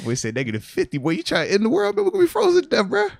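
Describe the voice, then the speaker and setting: A man's voice: very high-pitched, wildly swooping pitch, racing, gravelly, no room sound, clean studio sound. A man co-hosting a casual sports podcast, teasing and laughing often. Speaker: podcast co-host.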